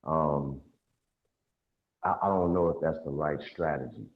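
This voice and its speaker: A man's voice: a bass voice, a little slow. A man speaking earnestly on a panel, often checking that listeners follow him. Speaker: panel guest. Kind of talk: casual panel discussion. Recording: dull lo-fi line with faint hiss.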